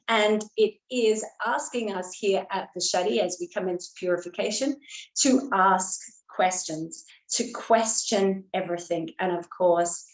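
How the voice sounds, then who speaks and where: A woman's voice: on the low side, roomy sound, rough recording. A woman yoga teacher talking casually to her class, loose and chatty with frank asides.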